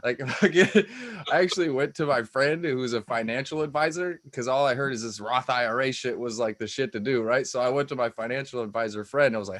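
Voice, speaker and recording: Male comic, crude and swearing, average pitch, dry mic. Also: quick pace, fairly bright tone, no room sound. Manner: crude, swearing, laughing at own jokes. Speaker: stand-up comedian. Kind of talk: profane stand-up set. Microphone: cheap lip mic.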